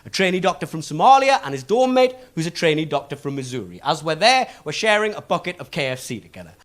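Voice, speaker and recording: A young man doing a stand-up routine, telling stories in an animated, self-mocking way. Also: a little high, fast talker. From Newcastle upon Tyne, England. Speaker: stand-up comedian.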